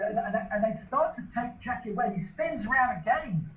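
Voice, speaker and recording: A man's voice: high voice, animated, a little fast, fairly bright tone. A man being interviewed, telling a long story casually, with lots of restarts and repeated words. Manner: rambling storyteller with many restarts. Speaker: interview guest. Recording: echoey room, lo-fi.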